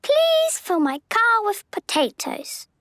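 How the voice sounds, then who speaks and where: A woman's voice: extremely high pitch, very animated, takes it slowly, fairly bright tone, no echo, clean studio sound, heavily acted. A woman voicing a friendly little girl llama who patiently teaches her friends. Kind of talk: cartoon voice acting.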